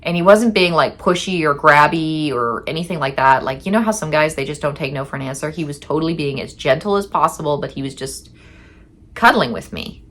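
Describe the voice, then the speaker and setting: A woman with a low-sitting, a bit bright voice tells a candid story from her own past, chatty and brisk with lively intonation. She acts out the lines she said back then and curses now and then.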